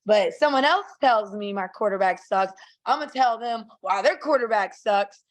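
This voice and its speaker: A woman guest on a podcast, telling stories in a lively, blunt, profane way and laughing often. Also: medium pitch, normal speed. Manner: acts out quotes in a raised voice. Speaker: guest, bare-knuckle fighter. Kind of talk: casual podcast chat, animated storytelling.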